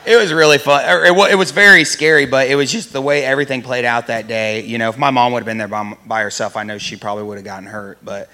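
Guy telling his story at church, bright voice, does all the voices, pretty animated. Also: medium pitch, quick pace, hardly any pauses. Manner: animated, acts out voices, laughs in places. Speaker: church member telling a testimony. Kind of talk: personal storytelling.

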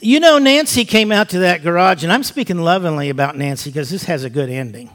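An older man sharing a personal testimony as an animated storyteller who drops to soft, hushed tones. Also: on the high side, fairly quick. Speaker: speaker giving a personal testimony. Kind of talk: spoken testimony.

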